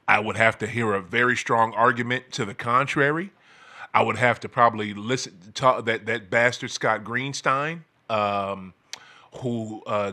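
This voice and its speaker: A fired-up podcast host delivers a heated ranting monologue on his own show, cursing freely, stammering through restarts, and bursting into shouts. His voice is bright and forceful at an ordinary middle pitch.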